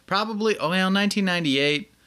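A man co-hosting a casual movie review podcast, laid-back and dry with quick jokes. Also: sits high, pushed and bright, clear, resonant tone. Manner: laid-back, wry one-liners. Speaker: podcast co-host.

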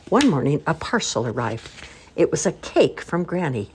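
An older woman reading a children's storybook aloud, warm and expressive. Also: deep voice, normal speed, slight background noise.

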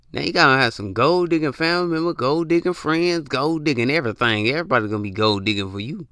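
A man's voice: fairly high pitch, a little fast, pushed and bright, no room sound, clean studio sound. A young man ranting in a blunt, profane, slangy monologue, repeating himself for emphasis. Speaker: podcast host. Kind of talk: casual monologue rant.

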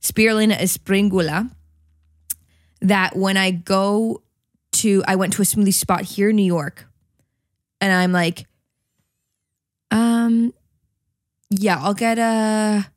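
A woman's voice: mid-range voice, steady tone, slow, pauses often, dry recording, studio quality. Rambling, giggly young woman podcaster. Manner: rambling storyteller, swears freely, giggly. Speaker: podcast co-host. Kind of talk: casual chat.

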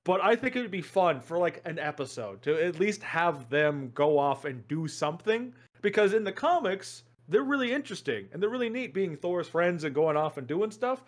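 A man's voice: high-pitched, sing-song, moderate pace, hardly any pauses. A man co-hosting a casual chat, eager and rambling with lots of fillers. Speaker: podcast co-host.

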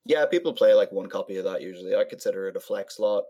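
A man in a casual card-game chat, speaking in a relaxed, matter-of-fact way. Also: deep voice, quick pace.

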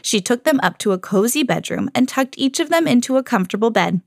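Mom reading bedtime story, higher voice, swoops up and down a lot, super expressive. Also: female voice, brisk, no echo, studio quality. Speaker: podcast host reading to children. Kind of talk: storybook read-aloud.

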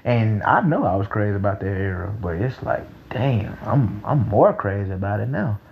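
A young man talking in a casual, rambling monologue, excitable and profane, breaking into loud laughs. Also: fairly low pitch, moderate pace, creaky, lo-fi sound. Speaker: vlogger.

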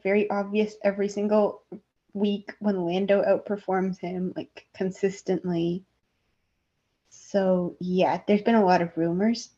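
A woman co-hosting a podcast in casual chat, relaxed and filling her talk with "like". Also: medium pitch, highs cut off. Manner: relaxed, says "like" a lot. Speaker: podcast co-host. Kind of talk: casual chat about motor racing gossip.

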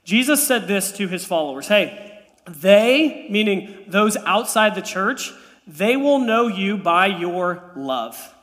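A man's voice: sits high, slow pace. A man in his thirties preaching a sermon in a church, telling stories with playful asides. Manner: animated storytelling with playful asides. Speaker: pastor. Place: church sanctuary. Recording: long reverb of a church hall.

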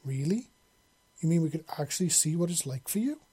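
A man voicing a warm, emotional young woman in an audiobook, effusive and affectionate. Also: lively intonation, fairly quick, slightly rough. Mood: eager. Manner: effusive, raised pitch.

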